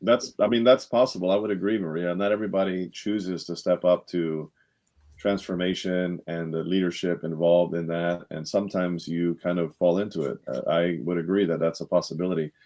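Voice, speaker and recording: A man's voice: sits low, fairly even intonation, fairly quick, a little mellow. A man co-hosting a live online talk, upbeat and motivational, with frequent fillers. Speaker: co-host, event organizer. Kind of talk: casual live video-call chat.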